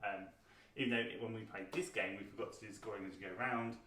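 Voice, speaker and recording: A British man in his thirties co-hosting a board game review, talking casually with frequent pauses and fillers. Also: on the low side, fairly even intonation, sharp tone, a little hiss or hum. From Britain. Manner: chatty, hesitant, lots of ums. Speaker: board game channel co-host. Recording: roomy sound, mic at a distance.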